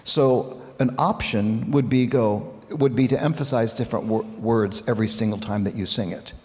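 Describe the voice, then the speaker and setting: A man leading church music, speaking in a middle-pitched voice with a long hall reverb around him. He talks animatedly and encouragingly in a dialogue sermon, demonstrating points as he goes. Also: moderate pace. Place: church sanctuary.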